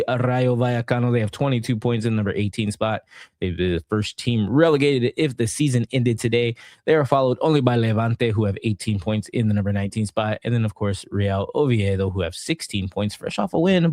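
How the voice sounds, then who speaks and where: A man's voice: mid-range voice, a little mellow, dry recording. Soccer podcast guy doing the scores and table, playful, kinda sing-songy, dry close mic. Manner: reads out results and standings playfully, sing-song at times. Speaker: podcast co-host. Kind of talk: casual soccer match review.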